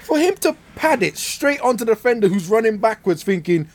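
A man's voice: sits high, very animated, brisk, hardly any pauses. A man hosting a football podcast in casual, mocking, jokey banter. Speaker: podcast host.

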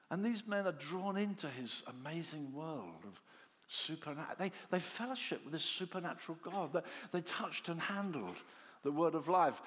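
A man preaching a sermon, telling the story in an animated way and acting out the disciples' voices, dropping to soft low tones for quiet lines. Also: moderate pace. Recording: long hall reverb.

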